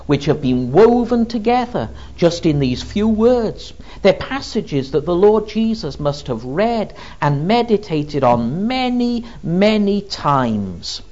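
A man preaching a sermon, slow and deliberate, asking his listeners rhetorical questions. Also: fairly high pitch, warm tone. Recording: dull lo-fi recording.

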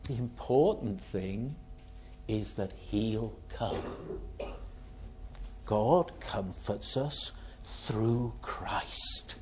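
A man's voice: on the low side, lively intonation, drawn-out words, pauses often. A man preaching a sermon, asking rhetorical questions and telling illustrative stories, in a dull lo-fi recording.

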